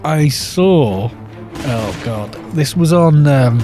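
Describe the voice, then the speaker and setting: A man with a mellow, darker voice talks through a live game stream, drifting from game remarks into long, chatty stories. His delivery is loose and rambling, with faint music playing behind him. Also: on the high side, animated, extremely slow. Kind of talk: casual live-stream chat while gaming.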